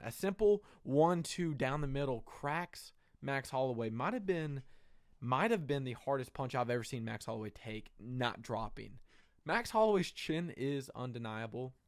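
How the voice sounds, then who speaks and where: A young man talks through a fight in a loose, excited ramble full of fillers and the odd curse. His voice sits at an ordinary middle pitch. It is recorded dry and close, with no room sound. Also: dry recording. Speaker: MMA reaction host. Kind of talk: casual fight breakdown commentary.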